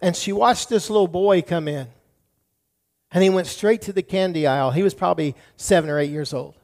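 A middle-aged male pastor preaching a sermon, shifting between soft, quiet passages and loud, emphatic build-ups. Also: sits high, brisk. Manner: dynamic preaching, drops to soft tones then builds up loud.

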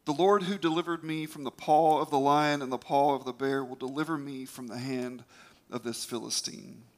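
A man's voice: medium pitch, steady tone, normal speed, close to an everyday voice. A man voicing an eager young shepherd boy who speaks with bold confidence before a king and a giant. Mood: confident.

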